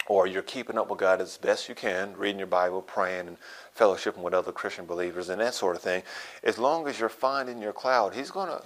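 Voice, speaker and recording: A man pastor preaching a sermon, repeating phrases for emphasis and checking in with "okay?". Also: on the low side.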